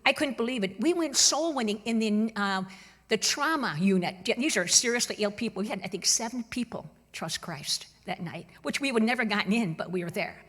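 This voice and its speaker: A woman giving a lively personal testimony at a church gathering, telling stories animatedly and laughing along. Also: fairly high pitch, brisk, slightly rough. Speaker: church conference speaker. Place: church sanctuary. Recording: long reverb from a church hall.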